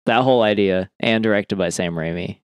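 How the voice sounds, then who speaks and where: A man's voice: fairly low pitch, fairly quick, clear, resonant tone, no room sound. A man co-hosting a film podcast, rambling in casual chat with lots of fillers and swearing. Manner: rambling, many fillers, swears and laughs easily. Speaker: podcast co-host.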